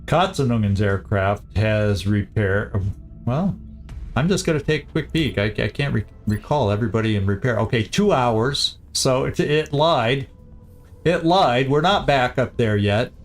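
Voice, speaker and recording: A man's voice: lowish voice, expressive, normal speed. Man thinking aloud over game music. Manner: thinks aloud, repeats words, muttering asides. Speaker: gaming streamer. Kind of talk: casual gameplay commentary.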